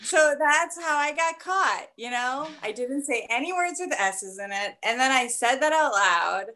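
A woman performing improvised comedy, answering quickly and agreeably with frequent giggles. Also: high voice, expressive, bright, forceful tone.

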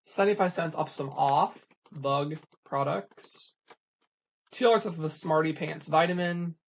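A couponing channel host giving a casual rundown, reading items off in a quick plain list. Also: mid-range voice, vocal fry, breathy edge, lo-fi sound.

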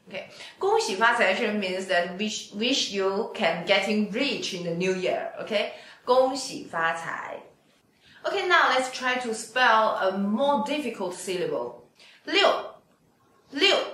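Off mic in a very echoey space, a Chinese language teacher leads slow pinyin drills. With a fairly high, slightly bright voice and lively intonation, she patiently draws out each sound for the class to repeat.

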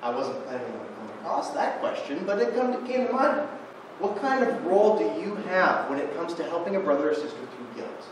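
A man's voice: fairly high pitch, big pitch swings, fairly quick. A young man giving a guest sermon in a church, telling a fishing story with self-deprecating humor. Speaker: guest preacher. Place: church sanctuary. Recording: echoey church room from far off, noisy.

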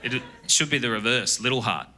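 Rambling Australian comedian on stage. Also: male voice, medium pitch, fast talker, heavy background noise. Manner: rambling, deadpan, self-interrupting. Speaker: stand-up comedian. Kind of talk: stand-up comedy set. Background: audience laughter.

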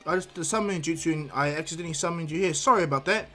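A man's voice: a little high, racing, bright, forceful tone, soft background music. A man voicing a nervous, eager young boy ninja who stammers and apologizes.

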